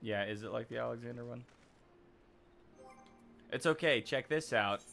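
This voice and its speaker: A man's voice: medium pitch, normal speed, gravelly, a bit bright, soft background music. An adult man streaming a game, chatting casually and joking with his co-player. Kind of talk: casual gaming chat.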